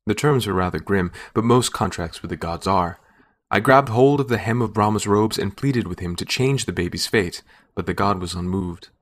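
A man reading a first-person short story aloud in a measured storytelling manner. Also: fairly low pitch. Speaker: narrator. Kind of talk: scripted narration.

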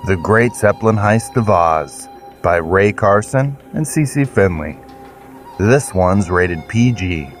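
Male podcast host, lowish voice, theatrical and jokey, faint music under him. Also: animated, takes it slowly. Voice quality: theatrical, jokey, mock-grand self-introduction. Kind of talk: playful scripted intro with mock fantasy banter.

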